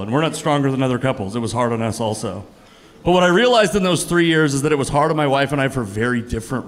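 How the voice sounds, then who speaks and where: A man in his thirties performing a stand-up comedy set for a live audience, deadpan and profane, rising to loud exasperated punchlines. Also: medium pitch. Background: audience laughter.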